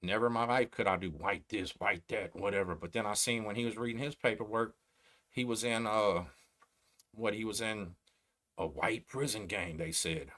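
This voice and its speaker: A middle-aged man from Texas with a Texan accent, hosting a casual livestream and talking slowly, bluntly and streetwise. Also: fairly low pitch, fairly even intonation, sharp tone. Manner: slow, blunt, streetwise talk. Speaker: host.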